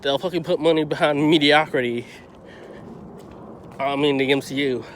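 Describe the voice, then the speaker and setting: A man's voice: fairly high pitch, steady tone, normal speed, a little hiss or hum. A man giving a casual, profane and heated movie review, rambling and swearing as he goes.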